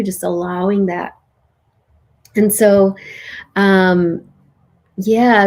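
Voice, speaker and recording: A woman with a mellow, slightly breathy voice leads a spiritual ceremony. She speaks slowly and gently in the guided parts. Between them she chats loosely with the group and often fills her sentences with "like.". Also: on the low side. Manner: soft, slow and soothing in meditation; chatty with many "like"s. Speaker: spiritual teacher leading a ceremony. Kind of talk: guided meditation and casual talk. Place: live online session with chat.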